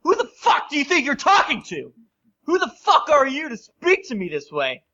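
A man's voice: high-pitched, animated, unhurried, bright, forceful tone, pitched above the performer's own voice, heavily acted. A man voicing a lazy, scheming male crime boss who makes crude, blustering threats, on a dull lo-fi recording.

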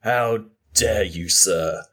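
Slow, cold, furious undead man voiced by a man, low and clipped, game role-play. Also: fairly bright tone, full character voice.

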